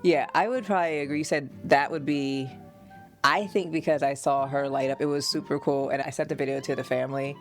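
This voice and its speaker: A woman from the United States, a podcast host and mother, telling family stories in an animated, casual way and laughing often. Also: very deep voice, brisk, faint music behind.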